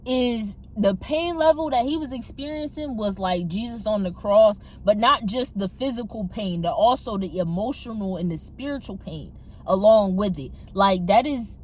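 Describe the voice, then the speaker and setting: Woman, young adult, casual testimony storytelling, fairly high pitch, animated, phone camera, faint room ambience. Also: slight background noise. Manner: animated, addresses viewers as y'all. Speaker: testimony vlogger.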